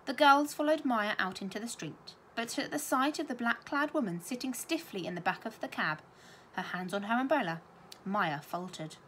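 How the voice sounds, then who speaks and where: Woman reading a story with animated pitch. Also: moderate pace, a little hiss or hum. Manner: expressive storytelling. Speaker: teacher. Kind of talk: reading a children's novel aloud.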